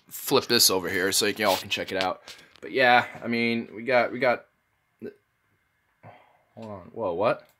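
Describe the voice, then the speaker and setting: Young guy ranting casual on his vlog, swears a ton, sarcastic, faint hiss behind. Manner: profane, sarcastic, jumps to loud high outbursts and laughs. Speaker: vlogger. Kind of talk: casual rambling vlog commentary.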